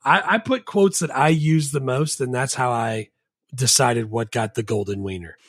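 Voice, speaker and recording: A man's voice: mid-range voice, moderate pace, dry recording, clean studio sound. A man co-hosting a movie podcast, chatting casually and jokingly. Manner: jokey, drops into quoted voices. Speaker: podcast co-host. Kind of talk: casual chat.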